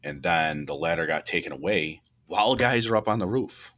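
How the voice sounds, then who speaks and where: A man with a very low voice talks firefighting tactics in a loose, rambling way. He restarts his sentences often. His pitch climbs when he gets worked up. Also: expressive, normal speed, a bit bright. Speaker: podcast co-host, fire truck company boss. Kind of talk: casual shop talk about firefighting.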